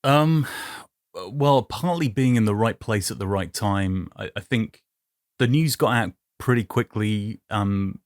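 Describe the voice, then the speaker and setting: Low-voiced man, dry close sound. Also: a little slow, no room sound. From United Kingdom. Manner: relaxed, self-deprecating, repeats words. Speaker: guest. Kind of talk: casual chat.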